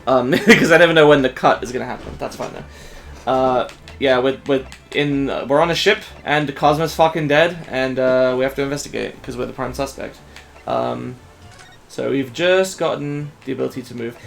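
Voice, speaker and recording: Gravelly-voiced man chatting casually. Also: mid-range voice, moderate pace, a bit bright. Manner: rambling, hesitant, with fillers and laughs. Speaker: let's play host. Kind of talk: casual chat.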